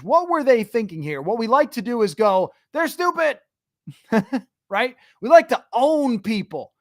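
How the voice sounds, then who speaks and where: A man's voice: high-pitched, no echo, clean studio sound. A man hosting a sports podcast, chatting casually, answering listener questions and thinking aloud. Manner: conversational, thinks aloud with restarts. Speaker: podcast host.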